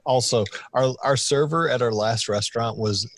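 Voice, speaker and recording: A man's voice: mid-range voice, normal speed. A man co-hosting a podcast, telling a rambling story with casual swearing. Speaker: podcast co-host. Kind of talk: casual chat.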